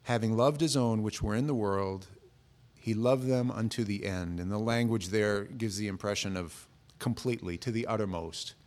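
Lowish and somewhat dark in tone, this middle-aged pastor's voice moves at a normal speed as he preaches. His sermon feels conversational and story-driven, with frequent restarts and impressions of the voices he quotes.

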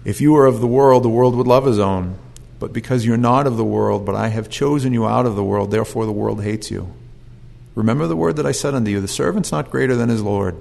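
Guy preaching a sermon, gravelly voice, acts out the characters as he goes. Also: medium pitch, brisk. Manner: animated storytelling, acts out scenes with voices.

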